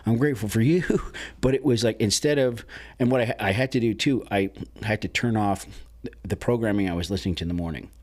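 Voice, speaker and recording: A man's voice: lowish voice, fairly quick, a little mellow. A man talking as a podcast guest, candid and blunt, swearing freely and often restarting his sentences. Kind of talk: casual conversation.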